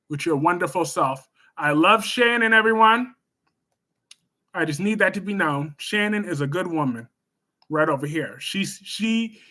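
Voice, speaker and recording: A man hosts a live stream, chatting with viewers in an animated way. His voice sits high and bright. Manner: chatty, animated, scolds chatters loudly then gushes warmly. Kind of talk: casual live stream chat, reading viewer comments.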